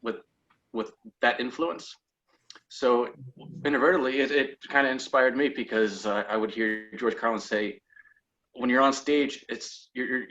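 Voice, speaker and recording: Host, man, mid-pitched, rambling halting questions, lo-fi sound. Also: bright, forceful tone. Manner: halting, restarts while asking questions. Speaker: interview host. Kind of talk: casual interview questions.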